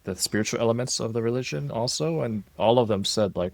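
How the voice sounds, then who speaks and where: A middle-aged man co-hosting an interview, asking relaxed, slightly halting questions. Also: medium pitch, gravelly, dry recording. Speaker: podcast co-host. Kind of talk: casual interview conversation.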